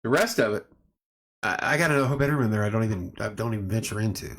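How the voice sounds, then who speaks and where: A man's voice: on the low side, lively intonation, very fast, a bit bright. A man hosting a casual home livestream, rambling through stories and greeting viewers by name. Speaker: livestream host. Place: home room at night.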